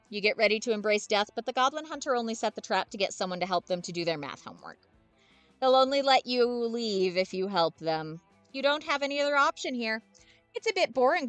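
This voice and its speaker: Brief: bright, lively young woman, quippy game narrator, close dry mic. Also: on the high side, quick pace, no echo, faint music behind. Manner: playful, quippy. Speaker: game streamer.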